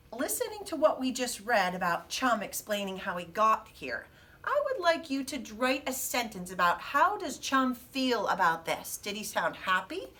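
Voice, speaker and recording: Woman teacher, read-aloud for a class, animated, bright voice, mic a bit distant. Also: a little high. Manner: expressive, acts out the characters' voices. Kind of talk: reading a chapter book aloud to students.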